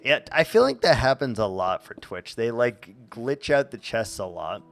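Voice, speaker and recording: A man's voice: mid-range voice, expressive, moderate pace, soft background music. A young man streaming a game, chatting casually and rambling with stumbles and restarts. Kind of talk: casual gameplay chat.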